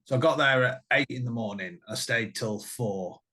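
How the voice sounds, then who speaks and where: Middle-aged man, guest musician, casual chat, animated sweary storyteller. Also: mid-range voice, normal speed.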